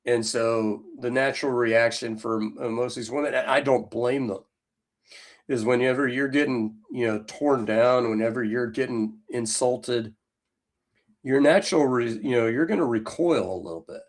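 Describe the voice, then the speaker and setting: Speaking at a normal speed in a mid-range voice, a Southern-accented podcast co-host rambles through casual chat. Fillers crop up constantly.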